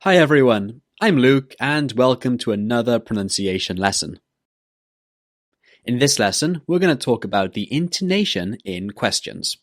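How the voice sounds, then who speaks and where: A man teaching an English pronunciation lesson, modelling words and questions slowly and carefully for listeners to repeat. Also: medium pitch, no echo, studio quality.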